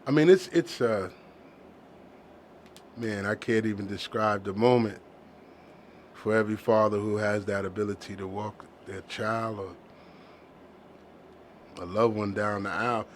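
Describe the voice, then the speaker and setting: A man's voice: fairly low pitch, a little slow, long pauses, a little hiss or hum. A middle-aged man hosting a heartfelt casual conversation, earnest and sentimental, often restarting his sentences.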